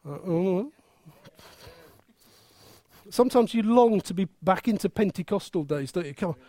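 A preacher giving a lively, emphatic sermon with humour and many rhetorical questions to the congregation. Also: medium pitch, moderate pace, no echo.

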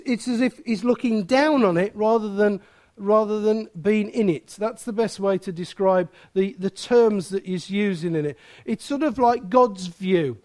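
A man's voice: sits high, a little mellow. A man preaching a sermon, chatty and self-mocking, often asking his listeners questions.

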